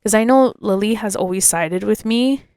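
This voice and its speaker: A woman's voice: medium pitch, moderate pace, darkish tone, clean tone, dry recording, studio quality. A woman hosting a podcast, telling a personal story in an emotional, confiding way and often repeating herself. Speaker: podcast host.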